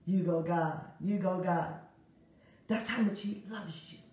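A woman delivering a prophetic word on a prayer broadcast, animated and laughing often, repeating phrases in a rhythmic preaching cadence. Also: lowish voice, a little slow, heavy reverb, far from the mic. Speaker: prophetic minister.

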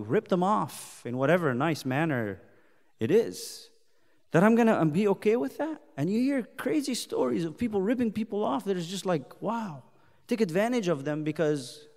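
A man leading a youth Bible study, talking casually and then voicing scripture with force. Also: high voice. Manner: conversational, animated, voices God's words emphatically. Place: church hall. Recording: long hall reverb.

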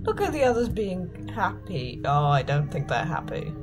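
A woman's voice: lowish voice, very animated, normal speed. A woman giving playful, mock-cheerful commentary while playing a horror game, with sing-song exclamations. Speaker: gaming YouTuber. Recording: game music behind the voice.

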